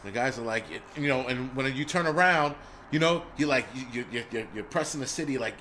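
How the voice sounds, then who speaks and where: A man's voice: medium pitch, brisk, bright, forceful tone, slight background noise. A middle-aged man, hosting a live stream in casual chat, blunt and profane as he vents.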